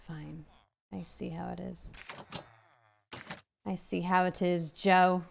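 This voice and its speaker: Speaking slowly with a fairly low, level, creaky voice and long pauses, a young woman streams a game live. She playfully talks to her viewers and to characters in the game, reads donations aloud, and thanks people for their support.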